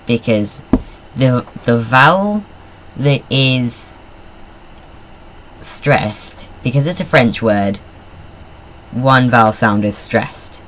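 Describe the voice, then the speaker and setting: A man's voice: medium pitch, animated, drawn-out words, pauses often, a bit bright, slight background noise. A man giving casual, rambling commentary while playing a car design game. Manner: rambling, chatty, self-deprecating asides. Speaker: gamer.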